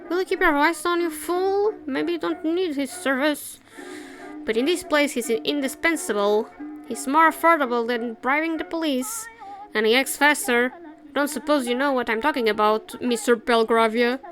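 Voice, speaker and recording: A woman reading the lines of a gruff, scornful male tavern barkeep in a game, in a blunt, sneering manner. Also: sits high, moderate pace, fairly bright tone, faint music behind.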